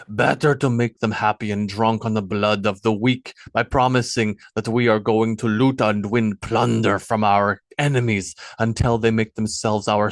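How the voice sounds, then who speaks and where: A man's voice: medium pitch, no echo, lightly acted. A man voicing a stern ambitious Viking king. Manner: commanding, blunt.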